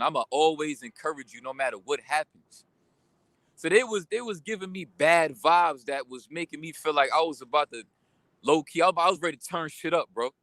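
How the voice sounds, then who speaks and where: A young man rants through a storytime vlog in a bright, forceful voice, pitched a little high for a man. He talks loose and slangy, piling on quick asides as he vents. The sound is close and dry, with almost no room around it. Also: no echo. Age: young adult. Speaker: vlogger. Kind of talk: casual storytime rant.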